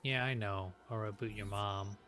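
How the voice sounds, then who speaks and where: A man's voice: on the low side, fairly even intonation, normal speed, over music. A man giving casual, joking commentary while playing a game, talking back to the characters. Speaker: let's play host.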